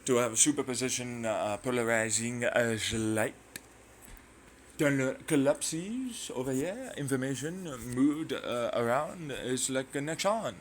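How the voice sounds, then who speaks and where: A dreamy synthetic brain, as a man puts it on drawls its short halting phrases in a mock French accent. Faint noise sits beneath the voice. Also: medium pitch, expressive, close to an everyday voice.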